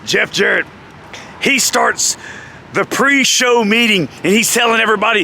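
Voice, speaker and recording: Man, outdoor vlog storyteller, lively and laughing, bright voice with gravel, clip-on mic. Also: sits high, normal speed, slight background noise. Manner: animated, laughs often. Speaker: vlogger, former pro wrestler. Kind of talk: casual storytelling. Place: outdoors by a parking lot. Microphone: lapel.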